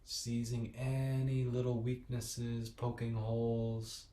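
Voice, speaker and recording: A man guides a yoga and meditation class in a slow, soothing, gently encouraging way. His voice is mellow and dark, with a level, unvaried lilt. The sound rings in a roomy, echoey space. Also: mid-range voice, completely flat delivery. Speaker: yoga teacher. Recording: echoey room.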